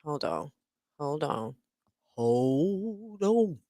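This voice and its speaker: A woman's voice: sits low, sing-song, very slow, mellow, no echo. A woman hosting a casual video call, chatty, restarting her sentences and laughing easily. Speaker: host.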